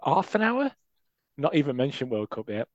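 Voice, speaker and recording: A man's voice: medium pitch, sing-song, moderate pace, darkish tone, dry recording. A man co-hosting a podcast in casual chat, teasing his co-host with dry humour and stumbling over his restarts. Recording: dull lo-fi sound.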